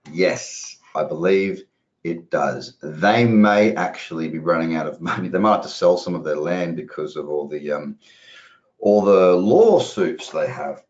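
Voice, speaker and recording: A man's voice: deep voice, darkish tone. A man giving casual, rambling live market commentary as a trading educator, chatty and casually profane. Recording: roomy, dull lo-fi audio.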